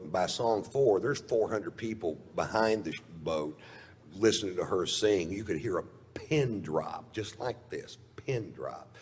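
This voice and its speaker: A man telling a long profane stand-up story in a laid-back drawl. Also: low-pitched. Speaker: stand-up comedian. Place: live comedy stage. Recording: reverberant live venue with faint ambience.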